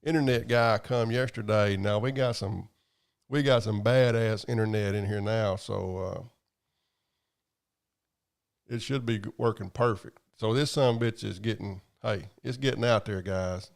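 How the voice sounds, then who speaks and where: Here a livestream host reads viewer comments and chats in a rambling, profane drawl. His pitch is fairly low, his pace moderate, and his voice has vocal fry.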